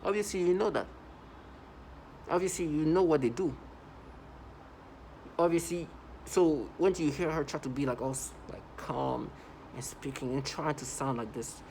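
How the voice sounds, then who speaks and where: A man's voice: fairly high pitch, normal speed, gravelly, pauses often, noisy background. Urgent, repetitive man talking to camera. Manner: urgent, repetitive, heavy use of "like". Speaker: vlogger. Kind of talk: first-person video monologue.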